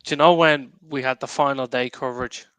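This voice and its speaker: A man's voice: mid-range voice, fairly even intonation, a little fast, fairly bright tone, clean tone, no room sound. A man co-hosting a fan podcast, full of jokey banter. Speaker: podcast co-host. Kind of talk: casual chat.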